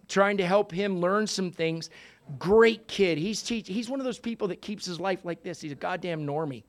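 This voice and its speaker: A man in his sixties telling a story at a recovery meeting, animated and profane, swinging from hushed asides to loud outbursts. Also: high-pitched, moderate pace. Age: 60s. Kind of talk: storytelling talk.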